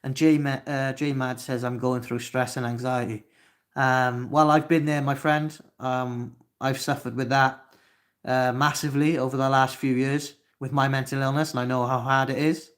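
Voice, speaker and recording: Welsh guy in his 20s doing a live stream, reads chat out loud, snaps and swears at trolls. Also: medium pitch, flat delivery, moderate pace. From Wales. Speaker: livestream host.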